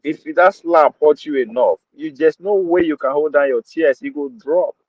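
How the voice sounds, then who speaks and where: This podcast host is a Nigerian-accented man whose voice is on the high side, moving at normal speed. He delivers opinionated commentary, repeating phrases and dropping into Pidgin to press his points, on a dull, dry lo-fi recording.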